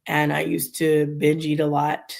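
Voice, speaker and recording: Gravelly woman sharing a candid testimony. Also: deep voice, monotone, measured pace, darkish tone. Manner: rambling, conversational, candid. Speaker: Christian vlogger. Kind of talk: casual personal testimony.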